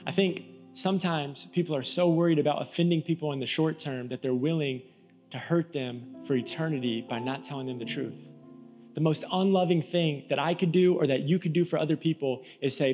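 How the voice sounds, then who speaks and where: A male pastor from Florida preaching an energetic, emphatic sermon to a live church audience, with storytelling asides. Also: on the high side, normal speed, soft background music. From Florida, USA.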